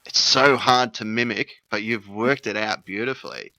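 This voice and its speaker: Australian male host, bright, lively, dry close mic. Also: on the low side, dry recording. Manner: laughs often, enthusiastic, quick to praise. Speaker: podcast host. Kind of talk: casual interview chat.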